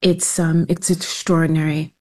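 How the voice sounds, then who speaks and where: Mellow, thoughtful woman guest. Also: low voice, flat delivery, moderate pace. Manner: thoughtful, with restarts. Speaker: writer, interview guest. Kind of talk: interview.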